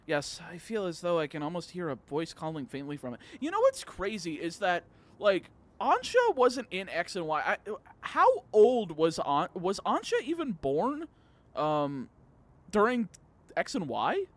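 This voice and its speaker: A man's voice: high-pitched, huge pitch swings, measured pace. A tipsy man streaming a video game, rambling and joking crudely between moves. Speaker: gaming streamer. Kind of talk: casual livestream chat while playing.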